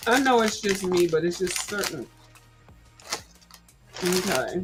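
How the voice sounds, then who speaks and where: A woman's voice: fairly low pitch, expressive, slow pace, music in the background, low-quality recording. A woman hosting a casual livestream, chatting and crunching snacks into the mic, sassy and blunt and cussing freely. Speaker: livestream host. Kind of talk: casual chat while snacking.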